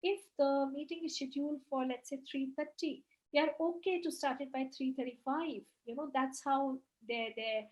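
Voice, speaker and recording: A woman's voice: sits high, fairly even intonation, normal speed, a little mellow, low-quality recording. A woman giving an online webinar lecture, explaining at length with many fillers and frequent "right?" check-ins. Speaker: webinar speaker. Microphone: video call.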